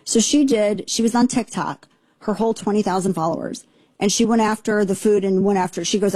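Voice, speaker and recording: A woman's voice: mid-range voice, a little fast, a little mellow, slightly rough, dry recording. A woman hosting a talk radio show, delivering an indignant, sarcastic, rambling monologue into a studio microphone.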